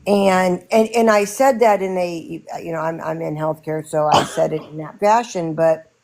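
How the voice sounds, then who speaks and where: A woman talking casually in a live stream, telling her story in halting bursts with many restarts. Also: fairly low pitch, darkish tone. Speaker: podcast host and widow.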